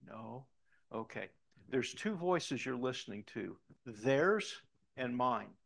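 A middle-aged man preaching a sermon, telling a story in an animated way and dropping to soft emphasis on key points. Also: mid-range voice, slow pace, vocal fry. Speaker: pastor.

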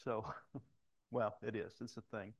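A man's voice: lowish voice, fairly even intonation, a little slow, vocal fry, muffled recording. A middle-aged man preaching a sermon, telling personal stories and acting out the voices of people he quotes. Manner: storytelling, acts out voices in quoted lines.

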